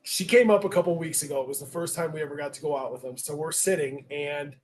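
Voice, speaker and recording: A middle-aged man hosts a podcast and tells a family story in an animated, casual way. His voice sits a little high for a man. A faint hiss of noise runs under the recording. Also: fast, poor audio. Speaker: podcast host. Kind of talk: casual chat.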